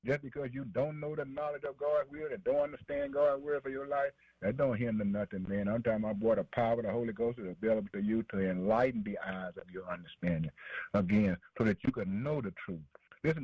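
A man's voice: fairly high pitch, slightly rough, no room sound. Man on dull dry radio. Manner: preachy call-and-response, fillers like man and boy. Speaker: preacher. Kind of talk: sermon.

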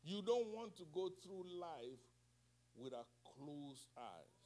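A male preacher delivering a sermon with call-and-response, moving from hushed, soft passages to shouted climaxes. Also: a little high, very animated, slow.

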